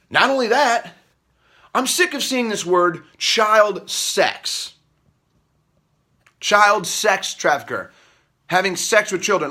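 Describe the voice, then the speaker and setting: A man hosting political commentary, ranting angrily and profanely, repeating himself and swinging from a low mutter up to shouting. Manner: angry, profane, repetitive rant.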